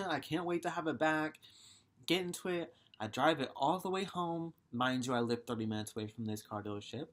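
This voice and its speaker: A man's voice: medium pitch, fairly bright tone. Young man ranting through a story. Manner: profane, exasperated storytelling. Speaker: vlogger. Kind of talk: casual storytime rant.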